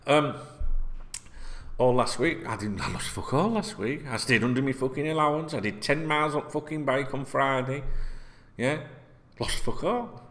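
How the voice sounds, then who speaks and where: A man's voice: medium pitch, normal speed, fairly bright tone. Sweary blunt man in his forties. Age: 40s. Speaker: football vlogger. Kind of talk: casual rant to camera.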